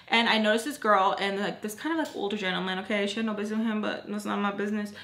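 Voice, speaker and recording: A woman's voice: medium pitch, quick pace, hardly any pauses, echoey room. A young woman telling a dramatic storytime, acting out scared quotes and talking with many fillers. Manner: animated, acts out scared quotes, many likes. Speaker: storytime vlogger. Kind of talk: storytime vlog while doing makeup.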